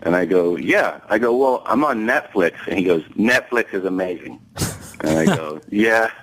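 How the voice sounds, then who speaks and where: A man with a low voice tells a story as a guest comedian, and his pitch swings widely as he acts out each line of dialogue. He is animated and swears freely, laughing as he goes. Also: moderate pace, slight background noise, poor audio. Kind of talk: storytelling anecdote on a talk show.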